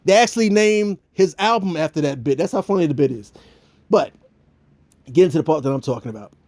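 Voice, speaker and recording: Mellow-voiced man joking through a reflection. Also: fairly high pitch. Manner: animated, joking, with many restarts. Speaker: vlogger. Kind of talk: casual devotional commentary.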